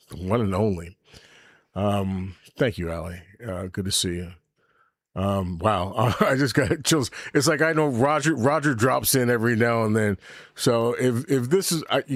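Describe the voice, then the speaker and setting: A man's voice: lowish voice, no echo, studio quality. A middle-aged man hosting his own podcast in a casual livestream chat, rambling candidly, swearing freely and answering his live chat as he goes. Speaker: podcast host. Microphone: desk mic with camera.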